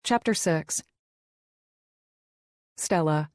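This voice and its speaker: A woman's voice: low voice, extremely slow, no room sound, studio quality. A woman narrating a romance audiobook in the first person, lightly amused.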